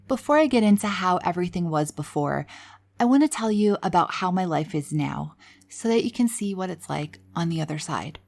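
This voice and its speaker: A woman hosting a podcast, telling her personal story in a candid, conversational way with quiet asides. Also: fairly low pitch, lively intonation, brisk, gravelly. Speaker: podcast host.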